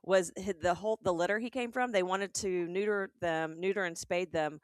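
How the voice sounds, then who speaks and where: A woman's voice: on the low side, moderate pace, clear, resonant tone, dry recording, studio quality. A middle-aged woman from the American South with a Southern accent, co-hosting a comedic podcast in a chatty, laughing way. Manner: chatty, restarts and laughs a lot. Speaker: podcast co-host. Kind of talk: casual chat.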